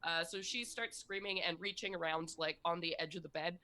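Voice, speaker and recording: A woman narrating a tabletop role-playing game as game master, telling the scene in a gentle storytelling way. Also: lowish voice, brisk.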